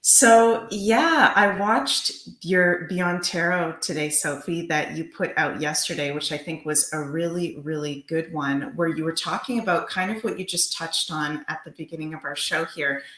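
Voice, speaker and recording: A low-pitched woman co-hosts a livestream in casual chat. She talks in an upbeat, gushing way. Her voice rings out in a noticeably echoey room. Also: moderate pace, few pauses, a bit bright. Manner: upbeat, gushing promotional talk. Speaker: livestream co-host.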